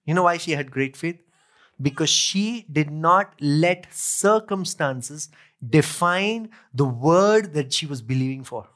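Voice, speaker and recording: In a slightly high, somewhat bright voice with lively intonation, a male pastor takes his time through a sermon. He reads from scripture, repeats important phrases, and asks the congregation questions.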